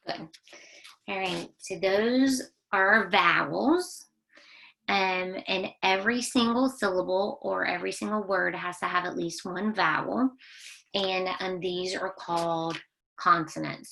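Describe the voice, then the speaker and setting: A woman leading young children through a phonics lesson, sounding each vowel out slowly and having them repeat it back. Her voice sits fairly low, with a bright edge and a gravelly texture. She gently praises every attempt. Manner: slow call-and-response drilling, sounding out words. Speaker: children's librarian teaching phonics.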